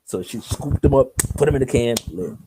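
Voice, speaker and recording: Mellow-voiced man telling a story. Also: medium pitch, expressive, moderate pace, a little hiss or hum. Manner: acts out dialogue, laughs often. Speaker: interview guest. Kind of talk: animated personal storytelling.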